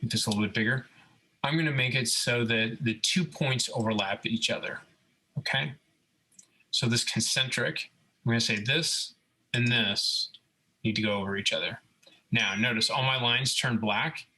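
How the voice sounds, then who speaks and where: Over a low-quality recording, a robotics instructor with a mid-range voice and moderate pace narrates a screen-recorded CAD tutorial, calmly breaking it into steps and frequently checking in with "okay?"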